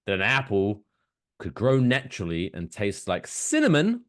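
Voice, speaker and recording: Sarcastic low-voiced man, lively delivery. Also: normal speed. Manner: sarcastic, swearing, does silly voices. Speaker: podcast co-host. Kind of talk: casual podcast banter.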